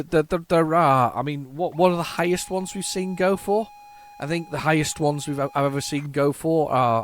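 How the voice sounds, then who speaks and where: A man of medium pitch hosts a retro computing channel, with a little hiss or hum on the recording. He tests old tapes while chatting and rambling casually to viewers.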